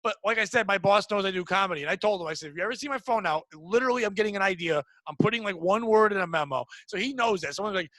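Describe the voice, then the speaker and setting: A man's voice: high voice, fast talker, no room sound. A man hosting a podcast, telling comic stories in casual chat and acting out the people in them. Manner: animated storyteller acting out quoted people. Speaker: podcast host.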